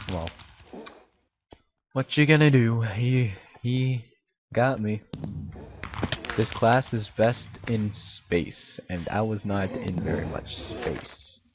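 A man giving casual, excitable and rambling commentary while playing a video game. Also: on the low side, slow pace, pauses often, background noise. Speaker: gaming YouTuber.

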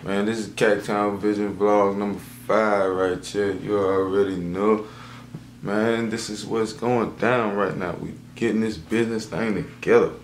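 A man with a very deep voice talks in a casual, slangy vlog. His delivery is profane and motivational. The sound is roomy and echoey, with faint ambience underneath. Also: fairly even intonation, a little slow, slight background noise. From the Carolinas. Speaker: vlogger starting a business.

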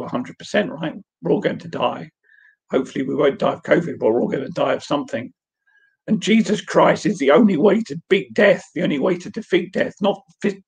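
A man's voice: fairly high pitch, gravelly, a little mellow, husky. A man giving an earnest personal testimony in an online question session, telling a story with light laughs, heard over a video call. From England. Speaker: guest speaker.

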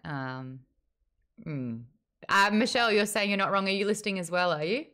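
A woman hosting a casual livestream book chat, talking in a chatty, animated way and reading viewer messages aloud. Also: medium pitch, normal speed. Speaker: host.

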